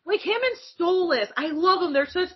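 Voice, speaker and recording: A woman chatting casually and excitedly about a cartoon series, laughing often and swearing freely. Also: very high voice, moderate pace. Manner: giggly, animated, swearing freely. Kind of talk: casual fan chat. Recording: dull lo-fi sound.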